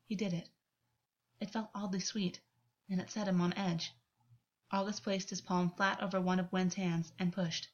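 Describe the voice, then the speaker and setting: A woman reading a story aloud as narrator in an even, unhurried way. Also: medium pitch. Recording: dull lo-fi recording.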